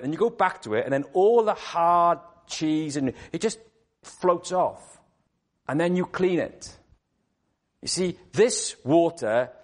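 A man gives a sermon with earnest conviction. He presses his listeners with rhetorical questions and repeats key words to drive his points home. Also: a little high. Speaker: preacher.

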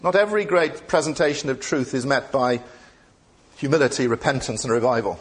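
Earnest preacher man, somewhat high voice. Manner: earnest, many rhetorical questions. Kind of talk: sermon.

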